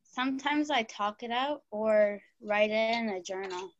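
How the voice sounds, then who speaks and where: A woman's voice: on the high side, measured pace, no echo, highs cut off. A woman in a group discussion who tells a small anecdote in a rambling way. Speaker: group participant.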